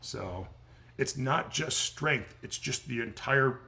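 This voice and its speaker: Gravelly, blunt middle-aged coach going hoarse. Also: male voice, medium pitch, animated, slow, pushed and bright. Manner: blunt, swears freely, gets fired up. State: losing his voice. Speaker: strength coach hosting a livestream Q&A. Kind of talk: casual livestream Q&A, profane and emphatic.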